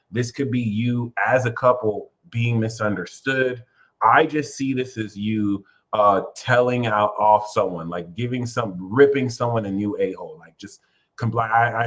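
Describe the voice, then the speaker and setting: A man's voice: medium pitch, a bit bright. A man giving a casual tarot reading, talking in a playful, rambling way and swearing freely. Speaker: tarot reader.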